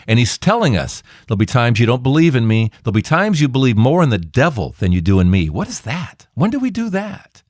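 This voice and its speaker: A man's voice: mid-range voice, dry recording, clean studio sound. A man hosting a faith podcast, commenting in an emphatic, preacherly way with rhetorical questions. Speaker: podcast host.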